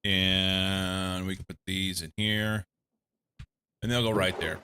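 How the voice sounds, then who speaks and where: A man streaming a game with a lowish, bright-edged voice, talking himself through each step in loose, chatty commentary. He sounds a little congested and laughs easily. He is from the United States and speaks close to a desk mic. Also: level tone, takes it slowly, a little hiss or hum. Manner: thinking aloud, chatty, laughs often. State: slightly congested. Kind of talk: casual gameplay commentary.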